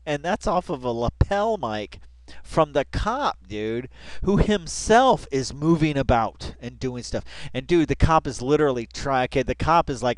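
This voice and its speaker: A man hosting a casual reaction video at home on a headset mic, excitable and laughing, tossing "dude" into nearly every line. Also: mid-range voice, a little slow, no room sound. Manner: excitable, says "dude" constantly, breaks into laughter.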